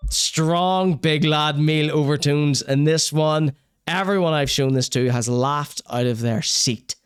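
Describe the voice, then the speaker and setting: A man's voice: a little high, takes it slowly, smooth, no room sound, studio quality. Upbeat male podcast host. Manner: upbeat, jokey, promotional. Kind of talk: show intro and links.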